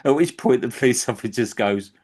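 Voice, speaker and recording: A man telling an anecdote in a casual chat, animated and acting out the characters' lines. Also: mid-range voice, quick pace. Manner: animated, acts out quoted characters. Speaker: podcast storyteller.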